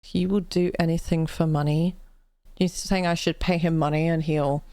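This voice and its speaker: A woman's voice: low voice, fairly even intonation, normal speed, mellow, no room sound. A British woman from the UK chatting casually on a live stream, telling rambling stories full of restarts and laughs. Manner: rambling, self-interrupting storyteller who laughs often.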